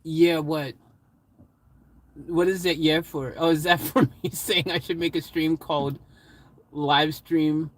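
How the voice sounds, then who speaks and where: A man hosts a relaxed live stream from his van. He chats with viewers in the live chat and cracks jokes in a somewhat higher voice. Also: slow, pauses often. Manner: jokey, chatty, addressing the live chat. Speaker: livestream host.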